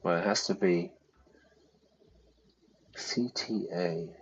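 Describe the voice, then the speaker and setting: A man streaming a detective game, reading the clues aloud and reacting loudly to each twist. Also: low-pitched, slow pace, husky. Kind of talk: casual gameplay commentary. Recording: slightly dull lo-fi audio.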